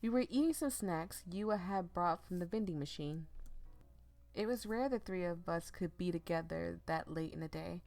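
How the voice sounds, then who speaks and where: A woman gaming streamer reading a visual novel aloud and commenting, emotive and immersed, with nervous laughs and rushed asides. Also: fairly low pitch, darkish tone, dry recording, faint music behind.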